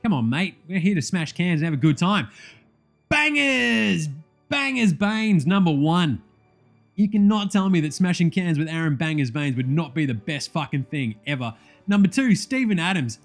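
A man's voice: a little high, sing-song, normal speed, faint music behind. A man with an Australian accent giving a casual, profane, jokey rant about sport. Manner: profane, blunt, jokey banter. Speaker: sports vlogger.

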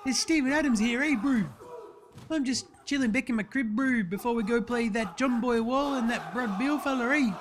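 A man's voice: very high-pitched, moderate pace, voice pushed up. A man voicing a laid-back young New Zealand basketball player with a drawling New Zealand accent who says bro and eh constantly. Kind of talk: comedy sketch.

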